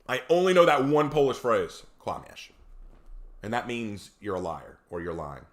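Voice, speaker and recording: Male streamer, relaxed and chatty, lowish voice, answers chat live. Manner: laid-back, chatty, tells stories. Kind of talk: casual live-stream chat, reading and answering viewer comments.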